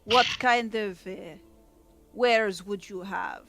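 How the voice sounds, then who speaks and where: A woman's voice: medium pitch, slow pace, fairly bright tone, soft background music. A woman voicing a snooty, disdainful male noble who speaks in a haughty drawl.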